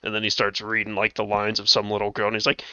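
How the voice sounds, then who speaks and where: A man co-hosting a podcast in casual chat, animated and laughing often, saying "y'all". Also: on the low side, quick pace, clean tone, no echo, highs cut off. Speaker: podcast co-host and game master.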